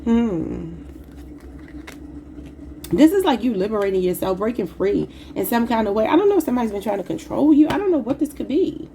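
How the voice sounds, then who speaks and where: A woman's voice: fairly high pitch, big pitch swings, brisk, warm tone, a little hiss or hum, low-quality recording. A woman giving a casual tarot reading, talking informally to her viewers and calling them y'all. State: slightly sick and emotional. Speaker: tarot reader.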